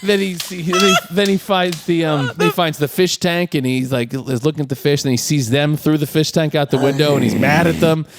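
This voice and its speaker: A man's voice: on the high side, fairly even intonation, fairly quick, hardly any pauses, a little hiss or hum. A man co-hosting a podcast, chatting casually and retelling a film scene with lots of fillers and restarts. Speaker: podcast co-host.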